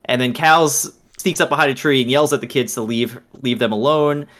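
A man's voice: medium pitch, fairly even intonation, normal speed, fairly bright tone. A man co-hosting a casual podcast, recapping a film's plot in an easygoing way with many fillers. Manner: easygoing, lots of fillers, agreeable. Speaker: podcast co-host. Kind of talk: casual movie recap chat.

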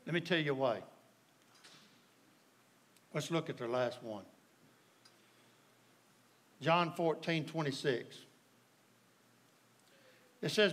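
A man's voice: on the high side, takes it slowly, pauses often, a bit bright. A man with a Southern US accent preaching a sermon as pastor, folksy and storytelling, often asking the congregation if they follow.

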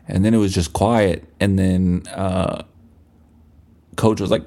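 Young man, podcast host, low voice, mellow tone, rambling profane storytelling. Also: fairly even intonation, moderate pace, vocal fry. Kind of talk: casual solo monologue.

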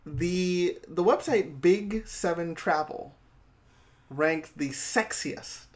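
A playful woman with a notably low voice co-hosts a casual podcast chat. She leads the segment with a teasing ease. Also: slow. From Chicago. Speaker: podcast co-host.

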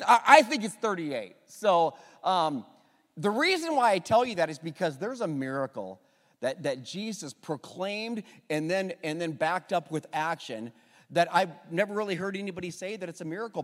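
A man's voice: a little high, lively intonation, brisk, long reverb tail. A man pastor opening a Sunday service, leading the congregation in call-and-response and building toward introducing a guest speaker. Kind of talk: sermon introduction. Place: church sanctuary.

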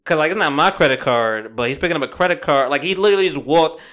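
Chatting casually on his podcast, a man with a slightly high, fairly bright voice wanders through a story loaded with filler words and curses, noting that he's a fast talker.

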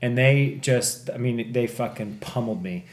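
A man's voice: medium pitch, normal speed. Rambling man telling a wild story. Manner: rambling, swears a lot, excited bursts at tense moments. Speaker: podcast host telling a story. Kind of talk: casual storytelling. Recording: echoey room with faint background noise.

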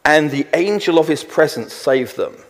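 A middle-aged man delivers a sermon, drawing out scripture verses slowly and with weight. His voice sits a little high for a man. The sound carries a long reverb, as if in a large hall. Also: expressive. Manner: slows down to read verses with emphasis. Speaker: preacher.

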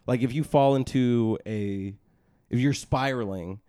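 A man's voice: medium pitch, measured pace, warm tone, clear, resonant tone, no echo, clean studio sound. A man hosting a podcast in casual chat, rambling with many fillers and trailing off. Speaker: podcast host.

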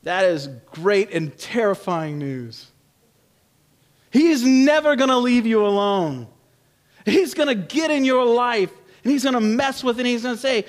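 A man preaching a sermon in an animated, humorous, conversational way, swinging from loud to hushed. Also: very high-pitched, a little slow. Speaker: pastor.

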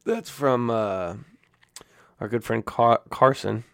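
Laid-back young male co-host, gravelly tone, dry and close. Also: mid-range voice, slow, no room sound. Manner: laid-back, reads listener questions aloud. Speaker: podcast co-host. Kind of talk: casual chat.

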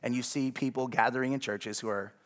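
A man's voice: mid-range voice, fairly even intonation, brisk. Conversational male pastor preaching a sermon. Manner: conversational, checks in with the congregation.

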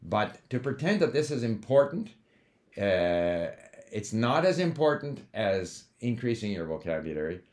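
A man's voice: on the low side, very animated, a little slow, darkish tone. A man hosting a language-learning video, talking in an opinionated, conversational way with frequent fillers. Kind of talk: casual monologue to camera. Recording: roomy echo.

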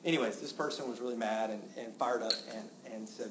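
A man preaching a sermon as a pastor, getting loud and exclaiming when indignant. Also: fairly quick, hardly any pauses. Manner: animated, exclaiming with rising pitch when indignant. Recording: roomy with faint background noise.

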